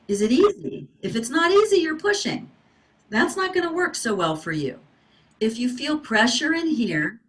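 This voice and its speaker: A middle-aged woman teaching an online singing workshop over a video call, encouraging the class to wave and respond. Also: mid-range voice.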